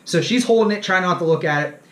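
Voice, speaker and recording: A high-pitched man talks fast, telling a self-deprecating story on his fishing show and acting out the dialogue with casual animation. The room is echoey.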